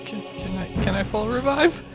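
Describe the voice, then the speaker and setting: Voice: mid-range voice, expressive, moderate pace, over music. A tabletop player narrating their character's actions in short bursts.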